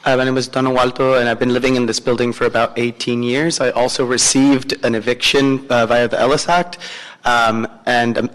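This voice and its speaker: A man's voice: medium pitch, flat delivery, a bit bright. Hesitant male interpreter, echoey chamber. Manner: hesitant, many filler pauses. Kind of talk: consecutive interpreting at a hearing. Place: city council chamber. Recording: long echo in a council chamber.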